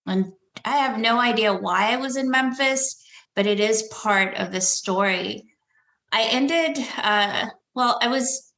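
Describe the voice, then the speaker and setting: A woman's voice: mid-range voice, vocal fry, a bit bright, roomy sound. A woman guest telling a personal story in an earnest, emotional way, laughing now and then. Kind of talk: casual storytelling.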